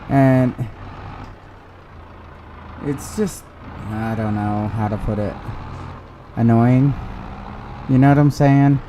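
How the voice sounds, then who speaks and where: A man's voice: medium pitch, slow pace, long pauses, mellow, a little hiss or hum. A man chatting casually while streaming a game, telling rambling stories. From United States. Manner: rambling storyteller who acts out quoted voices.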